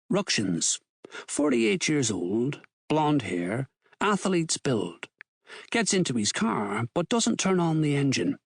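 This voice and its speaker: Man, audiobook narrator, slow, expressive, dry close recording. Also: medium pitch, creaky, dry recording. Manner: measured, expressive storytelling. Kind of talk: scripted narration.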